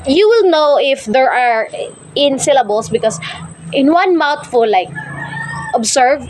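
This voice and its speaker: A woman with a fairly high voice teaches English, slowing down to sound out each syllable of a word. She restarts often and leans on filler words as she explains. Faint noise hums behind her. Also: lively intonation, darkish tone. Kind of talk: explaining a lesson.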